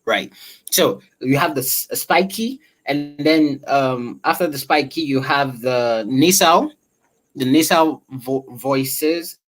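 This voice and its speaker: Man, voice coach; velvety tone, drawn-out explanatory delivery in an online session. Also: medium pitch, fairly bright tone, low-quality recording. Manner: explanatory, drawn-out, filler-heavy. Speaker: voice-over coach. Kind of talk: online class talk.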